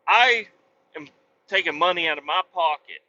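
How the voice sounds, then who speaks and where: A man vlogging from his truck on the highway, chatting casually in a blunt, rambling way and swearing freely. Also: normal speed, pushed and bright. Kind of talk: casual chat while driving. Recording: dull lo-fi audio with faint road noise.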